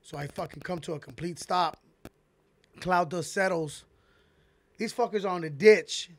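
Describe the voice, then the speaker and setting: A man with a fairly high, gravelly voice swears his way through a rambling, animated story. The sound is dry and close, with no room around it. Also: a little slow, no echo. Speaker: podcast host. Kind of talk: casual storytelling.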